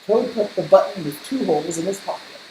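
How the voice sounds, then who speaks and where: A woman reading a children's storybook aloud in slow, measured narration. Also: medium pitch, animated, warm tone. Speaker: storybook reader. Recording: roomy echo, faint hiss.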